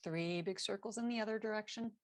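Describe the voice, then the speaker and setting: A woman teaching a live online yoga class, giving calm, steady cues over a video call. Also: medium pitch, fast, no room sound. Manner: calm cueing with self-correcting laughs.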